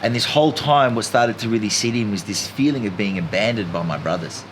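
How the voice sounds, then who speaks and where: A man telling a story in an animated, emphatic way as a podcast guest. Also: lowish voice, fairly quick, noisy background. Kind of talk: casual storytelling chat.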